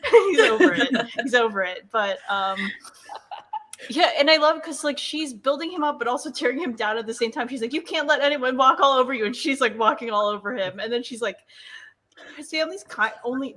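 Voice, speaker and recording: A woman with a slightly high voice chats casually on a podcast. She talks with enthusiasm and laughs often as she goes. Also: a bit bright. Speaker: podcast co-host. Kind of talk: casual chat.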